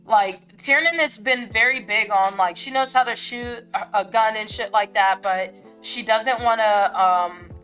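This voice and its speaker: Woman podcast host, blunt and profane book talk, mid-pitched voice, casual slang. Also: a little slow, hardly any pauses, fairly bright tone, clean tone, soft background music.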